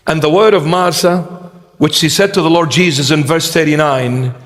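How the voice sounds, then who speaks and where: A man's voice: fairly high pitch, fairly even intonation, moderate pace, fairly bright tone. A man preaching a sermon to a congregation in a church. He speaks in a dramatic way and acts out the scripture quotes. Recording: long church hall reverb.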